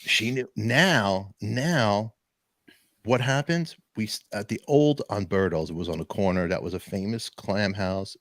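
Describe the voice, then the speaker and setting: A man's voice: on the low side, measured pace, no room sound, clean studio sound. A man, hosting a podcast and telling a long story in casual chat, acting out the other people's voices as he goes. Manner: animated storyteller, acts out voices in quotes. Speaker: podcast host.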